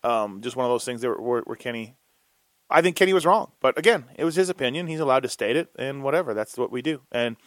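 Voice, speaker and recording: A man's voice: medium pitch, expressive, fast, no room sound. Dry-sounding teasing male host. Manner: teasing, laughs often. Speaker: show host. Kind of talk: casual podcast banter.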